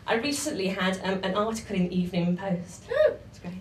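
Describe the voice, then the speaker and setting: A woman's voice: mid-range voice, fairly even intonation, a little fast, slight background noise. A woman doing live stand-up comedy and performance poetry in a bawdy, punchy manner. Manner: brash, bawdy, punchy delivery. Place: comedy club stage. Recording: echoey live room from far off.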